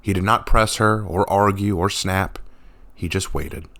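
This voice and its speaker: A man reading a fantasy story aloud in a measured, even narration. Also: low voice, no room sound.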